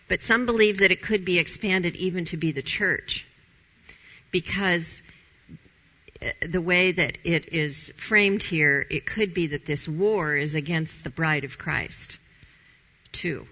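A woman's voice: lowish voice, a little slow, pushed and bright, muffled recording. A woman giving a conversational Bible teaching in an informal, emphatic way, repeating her key phrases.

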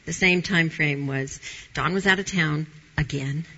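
A middle-aged woman shares a candid Christian testimony, her husky voice pushed hard and tense. She tells her story in a lively way and laughs often. The recording sounds a little dull and lo-fi. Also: sits low, measured pace. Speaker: guest sharing testimony.

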